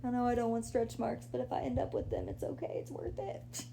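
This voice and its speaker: Young woman, casual livestream host, laid-back and chatty, mellow tone with lots of vocal fry, faint hum behind. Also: on the high side, flat delivery, a little fast. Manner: chatty, laid-back, says "like" and "y'all" a lot. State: pregnant, a little out of breath. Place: her apartment, lying down.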